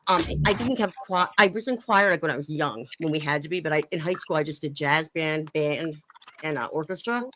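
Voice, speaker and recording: A woman's voice: low-pitched, fairly quick, background noise. A young woman chatting casually on her live stream, reading chat messages aloud and laughing often.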